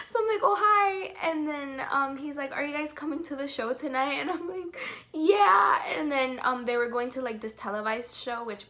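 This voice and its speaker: A young woman vlogging an excited storytime, gushing with lots of "like" and breaking into giggles. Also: fairly high pitch.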